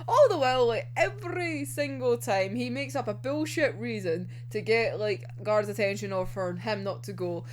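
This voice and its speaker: A woman's voice: a little high, moderate pace, hardly any pauses, slight background noise. A young woman giving a casual episode recap as an anime reviewer, giggling often, swearing freely and acting out the characters' lines.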